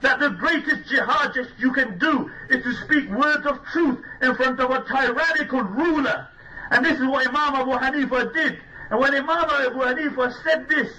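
High, bright-voiced male preacher. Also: recorded from a distance, a little hiss or hum, poor audio. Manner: earnest, emphatic, Arabic terms. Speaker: Islamic preacher. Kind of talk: sermon storytelling.

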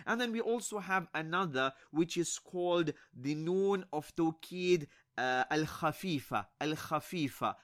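A man teaching an Arabic grammar lesson in English. He speaks slowly and deliberately, repeats each example, and mixes Arabic words and religious phrases into his explanations. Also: fairly high pitch.

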